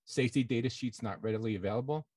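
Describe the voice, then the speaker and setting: A man's voice: mid-range voice, fast talker, no room sound. Matter-of-fact man reading news, dry sound. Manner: steady, matter-of-fact listing. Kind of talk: reading news items aloud.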